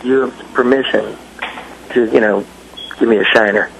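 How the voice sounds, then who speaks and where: Middle-aged man, gravelly voice, lively anecdotes, faint noise behind. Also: mid-range voice, moderate pace. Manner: animated, acts out quotes in raised voices. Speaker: guest musician. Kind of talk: casual storytelling chat.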